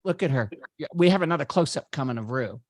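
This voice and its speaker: A man's voice: a little high, animated, quick pace, no echo. Campy giggly comedian as a man puts him on, gushing party host, dry close sound. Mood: gleeful, gushing. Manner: gushing, giggly, chatty asides. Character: campy middle-aged male comedian impression. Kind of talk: narrating photo slideshow. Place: virtual party at home.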